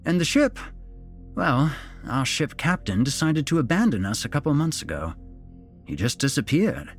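An eerily calm, falsely cheerful father in a storybook, pitched somewhat high and a touch loud, as a male narrator plays him. He speaks with smooth, robotic insistence and lively swings of pitch. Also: normal speed, faint music behind. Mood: evasive. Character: strange middle-aged father, evasive, falsely cheerful.

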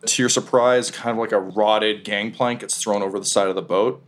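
A man's voice: on the low side, steady tone, normal speed. A man narrating a tabletop game as game master in a casual, rambling way.

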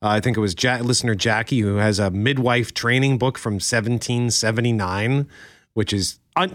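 A man's voice: mid-range voice, normal speed, a bit bright, no echo, studio quality. A man co-hosting a morning radio show, chatting casually and reading listener letters aloud with asides. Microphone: studio microphone.

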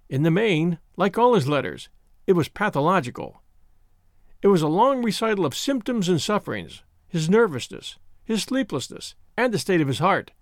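A man reading a novel aloud as narrator, dramatic and expressive. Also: sits high, no echo, studio quality. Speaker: audiobook narrator.

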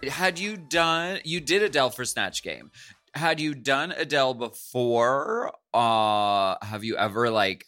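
A man co-hosting a podcast in casual, campy banter with animated asides. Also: lowish voice. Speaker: podcast co-host.

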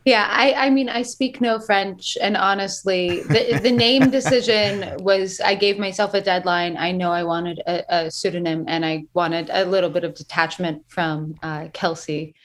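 A woman's voice: fairly low pitch, steady tone, moderate pace, hardly any pauses. A woman from New York State with a slight Brooklyn accent, a singer-songwriter guest in a casual interview, chatty, self-deprecating and hesitant.

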